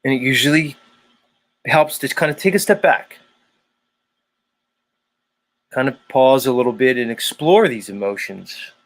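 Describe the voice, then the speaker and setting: 男性の配信ホスト、荒っぽく熱くなる話し方. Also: male voice, mid-range voice, normal speed. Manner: profane, heated, then mock-calm. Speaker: livestream host. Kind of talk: casual live-stream rant.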